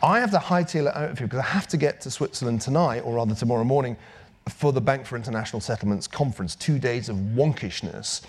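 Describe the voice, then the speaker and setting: A man's voice: mid-range voice, fast, husky. A man giving a public lecture with dry wit, then taking audience questions. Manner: dry wit, lively emphatic delivery.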